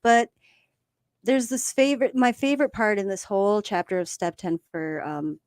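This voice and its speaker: A woman's voice: mid-range voice, normal speed, no echo. A woman co-hosting a casual recovery discussion, talking openly and with feeling about her own life. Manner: open, emotional, animated storytelling. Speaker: podcast co-host.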